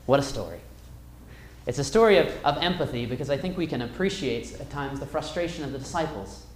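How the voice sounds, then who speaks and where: A man's voice: mid-range voice, lively intonation, a little fast, slight background noise. Man teaching a Bible class, echoey room. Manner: reads verses aloud and retells the story with wide swings in loudness.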